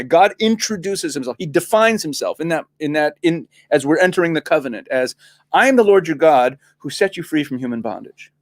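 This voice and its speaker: A man, a rabbi, talking as a guest on a studio talk show, animated and laughing often, restarting and repeating words as he explains. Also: on the high side. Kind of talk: casual talk-show conversation.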